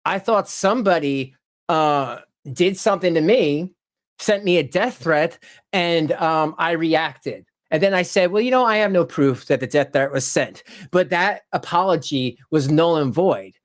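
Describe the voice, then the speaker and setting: A man hosting his channel, heated and profane, ranting in casual commentary and laughing often. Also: measured pace. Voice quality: animated, jumps into high mocking voices when quoting critics. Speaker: channel host.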